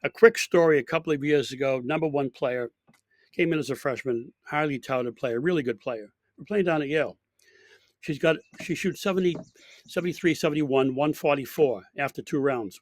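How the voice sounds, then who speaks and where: In an interview, a man who coaches college golf shares an anecdote, stumbling through many fillers and restarts. His voice is mid-range, and there is no echo on the recording.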